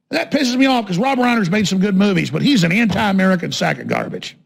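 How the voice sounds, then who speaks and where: A man with a high, gravelly voice rants as a talk radio host. He is combative and emphatic, hammering points with repeated phrases. His delivery often climbs toward a shout. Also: animated, fast, hardly any pauses. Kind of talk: ranting political monologue.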